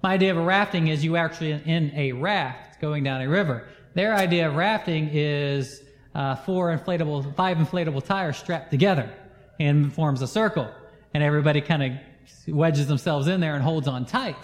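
A man, a pastor telling a lively personal story in a sermon and chuckling through it. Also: fairly high pitch, normal speed. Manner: animated storyteller, laughs through his own anecdotes. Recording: long hall reverb.

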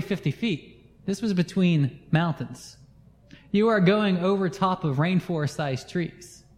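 High-voiced pastor in a reverberant hall. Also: male voice. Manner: animated storyteller, laughs through his own anecdotes. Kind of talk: storytelling sermon.

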